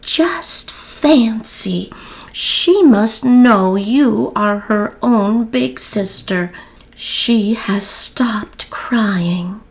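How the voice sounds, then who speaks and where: A woman voicing a kind, gentle young mother who speaks softly and fondly about her new baby in a storybook. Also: a little high, slow pace, vocal fry, pitched above the performer's own voice. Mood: tender.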